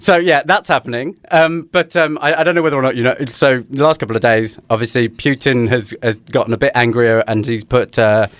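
A man co-hosts a casual podcast and delivers dry jokes at a brisk clip. His voice sits at a middling pitch for a man. The recording is close, with no room sound. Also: steady tone, a bit bright, dry recording. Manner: dry, joking, quick delivery. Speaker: podcast co-host. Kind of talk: casual chat.

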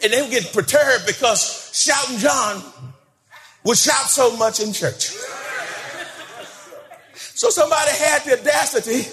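A man preaching a sermon, shouting and whooping and calling out to the congregation. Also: very high voice, unhurried, pauses often. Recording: live church with music and congregation.

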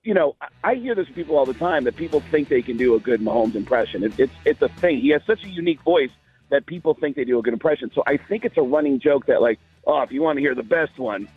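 A man's voice: medium pitch, animated, fast talker, slightly rough, dry recording, soft background music. A middle-aged man, a comedian, chatting casually as a guest and telling stories full of fillers. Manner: rambling storyteller, many fillers. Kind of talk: casual radio phone chat. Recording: tinny phone line.

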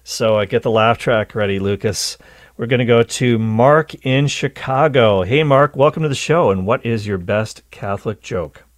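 A man's voice: mid-range voice, normal speed, no echo. A man hosting a call-in radio show, explaining things at length and laughing easily with callers. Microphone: studio microphone.

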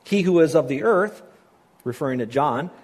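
Male pastor, slightly higher voice, conversational sermon with questions to the room. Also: animated, moderate pace, darkish tone, slightly rough. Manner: conversational preaching, asks the congregation questions.

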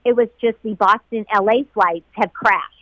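A woman who was once a flight attendant recounts her story in an interview, her voice halting and close to tears as she repeats herself. The recording is dry and somewhat muffled, with a dull, lo-fi sound. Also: medium pitch, fairly bright tone, no echo. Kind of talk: emotional personal recollection.

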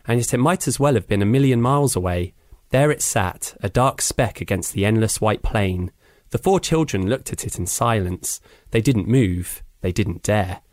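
A man narrating a children's adventure book with measured, dramatic pacing. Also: on the low side, a little mellow, no echo. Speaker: audiobook reader. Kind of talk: storybook narration.

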